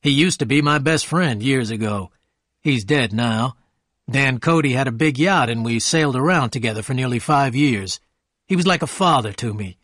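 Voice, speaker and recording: A man's voice: mid-range voice, normal speed, a bit bright, dry recording, studio quality, natural voice. A man playing a charming, eager wealthy young man in a storybook reading, genial and courteous. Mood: fond.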